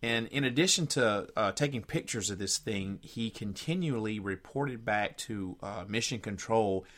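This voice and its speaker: A man's voice: on the low side, moderate pace, a bit bright. A man co-hosting a radio podcast in casual chat, rambling a bit and reading quotes aloud from his notes. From United States. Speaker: podcast co-host.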